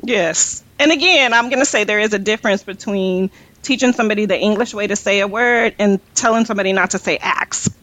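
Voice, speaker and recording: A woman in candid conversation, speaking directly and firmly and holding her position in a measured way. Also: mid-range voice, fairly bright tone, low-quality recording.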